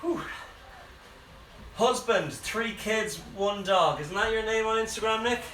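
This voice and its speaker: A man, out of breath, leading a live workout with energetic cues and chatty asides. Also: high voice, measured pace, a little hiss or hum. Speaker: fitness coach. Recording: echoey room, mic at a distance, faint music.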